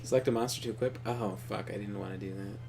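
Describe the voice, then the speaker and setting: Fairly low-pitched, fast, and creaky, this young man's voice carries a little hiss or hum. He co-hosts a gaming video, telling stories as he plays with plenty of cursing and laughing, animated and casual throughout.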